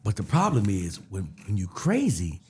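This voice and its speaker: A man who is a comedian, a guest on a podcast, telling a story in an animated, profane way and laughing as he goes. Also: on the low side, normal speed, a little hiss or hum.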